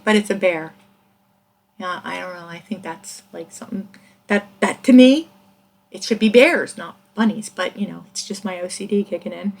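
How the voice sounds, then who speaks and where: A chatty middle-aged woman talks through her finds at an easy, even pitch, rambling from one thought to the next. She laughs now and then, and hiccups break into her casual chat. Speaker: reseller vlogger.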